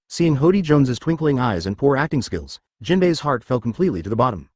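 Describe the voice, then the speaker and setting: Lively-pitched male story narrator. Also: brisk, hardly any pauses, dry recording, studio quality. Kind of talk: scripted narration of a web novel.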